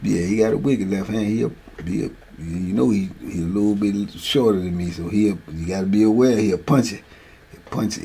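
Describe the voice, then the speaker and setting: A middle-aged man hosting a streamed show, telling lively stories in a casual way, laughing often and tagging lines with "man.". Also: lowish voice, moderate pace, vocal fry, husky. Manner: animated, laughs often, repeats "man" a lot. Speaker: show host. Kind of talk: casual storytelling chat. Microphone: streaming mic.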